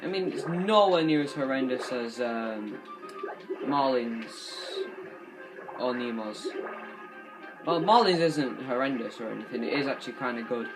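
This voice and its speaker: A man's voice: mid-range voice, animated, a little slow, poor audio. A young man in his twenties giving casual, rambling gameplay commentary, chatty and swearing now and then. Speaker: gaming commentator. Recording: game music playing behind.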